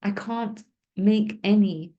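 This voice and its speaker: Woman narrator voicing an old dying rabbi: earnest, tearful, a touch lower. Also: takes it slowly, dull audio.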